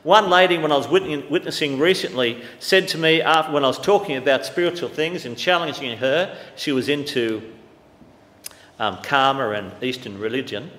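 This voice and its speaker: A man preaching a sermon with great passion, swinging from loud declarations to hushed, quiet stretches. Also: medium pitch, normal speed. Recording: echoey hall with long reverb.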